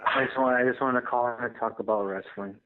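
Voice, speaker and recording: Male caller, hesitant with lots of uhs, flat low voice, dry and dull sound. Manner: halting, lots of fillers. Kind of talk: casual phone-in chat.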